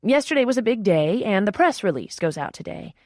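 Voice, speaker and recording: A woman voicing a brisk, serious female publicist who speaks in a crisp, firm, businesslike way. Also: medium pitch, sing-song, darkish tone, dry recording, studio quality, voice pushed up.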